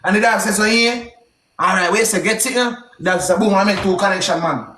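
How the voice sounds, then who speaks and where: A young man with a Jamaican accent telling a story casually, in a heavy patois with shouted exclamations. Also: high voice, fast talker, reverberant. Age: young adult.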